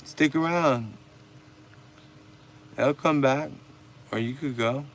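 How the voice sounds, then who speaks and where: Slow, gravelly man with music behind. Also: mid-range voice. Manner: laid-back, profane, teasing banter. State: stoned. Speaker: livestream host. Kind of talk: casual livestream chat.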